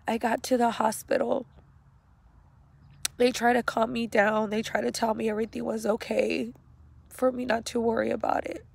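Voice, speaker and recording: A middle-aged woman slowly and haltingly retelling a painful memory, speaking outdoors. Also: on the high side, level tone, gravelly, breathy edge. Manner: slow, halting, emotional retelling. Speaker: grieving mother. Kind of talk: personal storytelling vlog. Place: outdoors at a cemetery.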